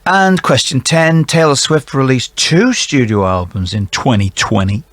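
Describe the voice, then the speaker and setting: A man's voice: medium pitch, measured pace, fairly bright tone, dry recording. A man hosting a quiz and reading out the answers in a jokey, chatty way, with playful asides. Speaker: quiz host for a care provider.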